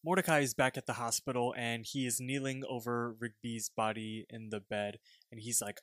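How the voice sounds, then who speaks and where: A man's voice: mid-range voice, fairly even intonation, moderate pace, fairly bright tone, dry recording. A man co-hosting a podcast, recapping a cartoon episode and chatting casually about it. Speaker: podcast co-host.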